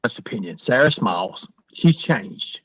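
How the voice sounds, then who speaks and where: A man's voice: fairly low pitch, animated, a little slow, slightly rough, no room sound, poor audio. A man hosting a livestream panel, roasting and needling his guests in crude, profane banter. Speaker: livestream host.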